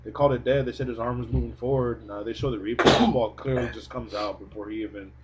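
A man's voice: medium pitch, fairly even intonation, quick pace, a loud crowd. A man co-hosting a casual sports podcast, talking in a laid-back, somewhat hesitant way. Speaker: podcast co-host. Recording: dull lo-fi recording with faint noise.

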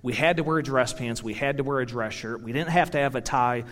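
A man's voice: mid-range voice, brisk, a bit bright. A middle-aged man, a pastor, giving a sermon in a conversational, storytelling way with personal anecdotes. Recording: reverberant hall.

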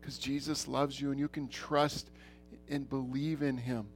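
A middle-aged man preaching a church sermon, earnest, repeating himself, swinging between loud and soft. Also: mid-range voice, flat delivery, a little slow, soft background music. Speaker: pastor.

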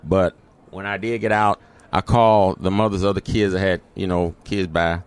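A man's voice: low-pitched, fairly even intonation, moderate pace, clear, resonant tone. A middle-aged man, telling a personal story as an interview guest and acting out the voices in it.

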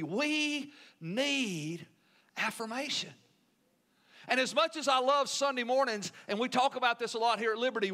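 A man's voice: very high-pitched, sharp tone. A male pastor preaching a sermon in an earnest, emphatic way, often asking the congregation questions.

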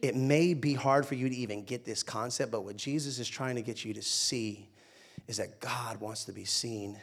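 A young male pastor preaching in an easy, conversational way. He tells playful stories, rising loud and excited, then drops to a soft, hushed tone. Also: medium pitch, normal speed. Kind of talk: sermon.

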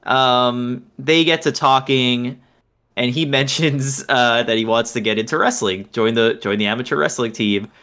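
A man in relaxed podcast chat, retelling a movie's plot step by step. He talks in an easygoing, agreeable way, full of "um" and "you know". His pitch sits in a plain middle range. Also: measured pace. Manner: easygoing, lots of fillers, agreeable. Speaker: podcast co-host. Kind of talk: casual movie recap chat.

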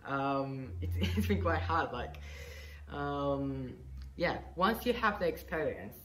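A man's voice: a little high, animated, takes it slowly, echoey room, poor audio. A Japanese man who speaks English with a Japanese accent, talking as an interview guest in a hesitant way, with many fillers and easy laughs. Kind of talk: casual conversational interview.

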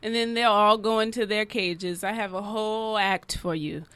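Woman doing a Jamaican dog walker, circus job applicant, earnest pitch, bright forceful tone, dry close sound. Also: fairly even intonation, clean tone, dry recording, natural voice. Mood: eager. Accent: put-on Jamaican. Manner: earnest, salesy job-interview pitch with drawn-out lists.

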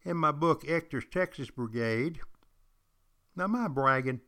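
A man's voice: fairly high pitch, expressive, measured pace, bright, forceful tone. An older man, a retired teacher, hosting a podcast and telling history in an emphatic, repetitive way, speaking straight to his listeners. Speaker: podcast host. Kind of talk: storytelling history lecture.

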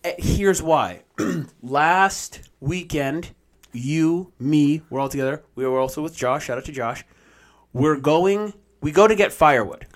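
A man telling a story in casual chat, animated and full of fillers like "like". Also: on the high side, measured pace.

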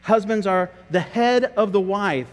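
A man's voice: sits high, unhurried, long reverb tail. A man preaching a sermon as pastor, earnest and conversational, often repeating his words as he goes.

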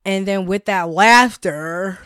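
A woman's voice: medium pitch, takes it slowly, clear, resonant tone, no room sound, clean studio sound. A woman on a podcast telling a funny personal story in casual, profane chat, acting out what people said. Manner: animated storytelling, swearing, acting out quotes. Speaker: podcast co-host.

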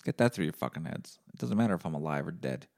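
A male podcast host giving a rambling, profane solo monologue in a deadpan comic way. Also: rumbling low, quick pace, gravelly.

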